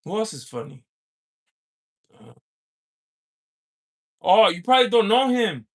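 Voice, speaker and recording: A man with a high voice chats casually on a livestream, answering viewer comments. He talks slowly, halting and pausing often with filler sounds between thoughts. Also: big pitch swings. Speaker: livestream host.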